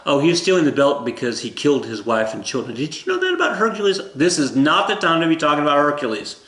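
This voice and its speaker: A man with a medium-pitched, slightly bright voice gives a casual history lesson recorded on a camera mic in an echoey room. He rambles, cracks jokes, and corrects himself as he goes.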